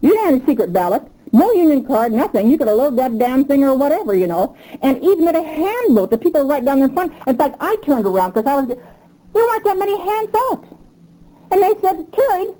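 Older woman interviewee, mellow, a touch high; emphatic, repetitive storyteller who gets revved up. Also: sing-song, fast talker, hardly any pauses, rough recording. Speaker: union member interviewee. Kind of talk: oral history interview.

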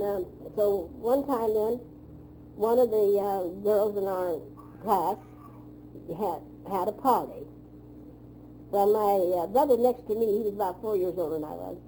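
A woman's voice: medium pitch, a little slow, warm tone, slight background noise, rough recording. An older woman recounting childhood memories in a plain-spoken, rambling way, often repeating "I said.". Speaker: oral history narrator.

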